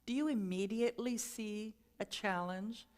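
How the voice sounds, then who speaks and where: A woman minister, giving a sermon in a gentle, conversational storytelling way. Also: mid-range voice, measured pace.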